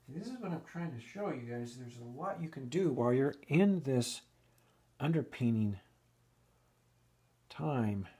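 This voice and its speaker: A man's voice: medium pitch, expressive, measured pace, pauses often, mellow, breathy edge. A man giving a casual oil painting lesson, thinking aloud and restarting sentences as he works at the easel. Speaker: painting instructor.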